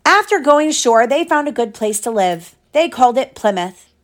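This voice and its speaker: A mother reading a picture book aloud to her young children, gentle and chatty, stopping to explain the pictures. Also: fairly high pitch, animated, normal speed.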